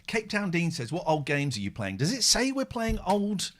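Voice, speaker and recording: A man with a lively, swooping voice hosts a casual live stream. He rambles and jokes, reading viewers' messages aloud in a slightly high register. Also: normal speed, a crowd in the background. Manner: rambling, jokey, reads out chat messages. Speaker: host.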